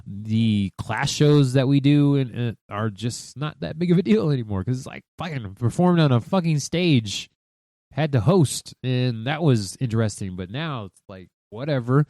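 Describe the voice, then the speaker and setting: A man in his thirties hosts a solo podcast, swearing freely and piling on emphasis as he talks things through with himself. His pitch swings widely from low mutters to high exclamations. The sound is close and dry, with no room around it. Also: animated, normal speed, warm tone, no echo. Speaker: podcast host.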